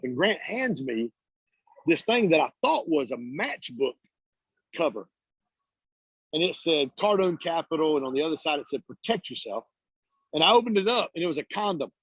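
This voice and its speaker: Husky-voiced motivational speaker man, lo-fi call. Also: on the high side, no echo. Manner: energetic, preachy storyteller, casual and blunt. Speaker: guest speaker, business coach. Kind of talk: motivational talk on a video call. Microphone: video call. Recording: dull lo-fi call audio.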